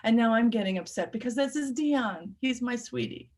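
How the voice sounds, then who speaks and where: A woman telling a personal true story on stage, animated and shifting between urgent, louder stretches and hushed, quiet ones. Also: fairly high pitch, normal speed.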